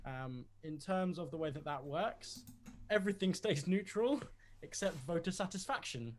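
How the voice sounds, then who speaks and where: A man runs a tabletop game on a livestream and walks the players through their results in a relaxed way. His voice sits a little high for a man. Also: moderate pace. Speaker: game master.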